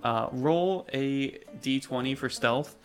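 A man's voice: mid-range voice, slow, soft background music. A man narrating as game master of a tabletop game, casual and profane.

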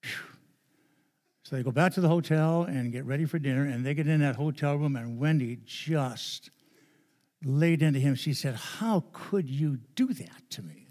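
A man's voice: on the high side, moderate pace, pauses often, a little mellow. An older man preaching as a guest pastor in a church, telling a chatty, joking story to the congregation before turning to his sermon. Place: church sanctuary.

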